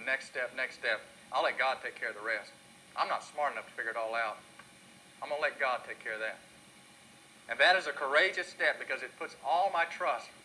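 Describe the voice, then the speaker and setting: A man's voice: a little high, bright, forceful tone, a little hiss or hum, poor audio. A male pastor preaching a sermon in an earnest, storytelling delivery.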